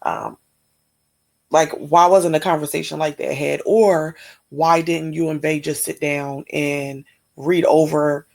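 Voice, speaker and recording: A woman's voice: low-pitched, steady tone, takes it slowly, vocal fry. A woman from Pennsylvania hosting a reaction channel, giving casual, critical, exasperated commentary.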